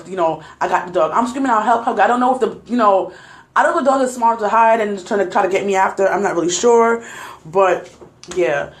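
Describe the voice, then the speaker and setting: A woman's voice: medium pitch, echoey room. A young adult woman vlogger, shaken and laughing nervously, retelling a scary night to her viewers on a phone. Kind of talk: casual storytelling to viewers.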